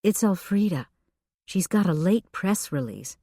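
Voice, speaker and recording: A woman's voice: medium pitch, big pitch swings, unhurried, mellow, husky, no echo, clean studio sound, full character voice. A woman narrator voicing a patient, slightly weary female small-town reporter in an audiobook.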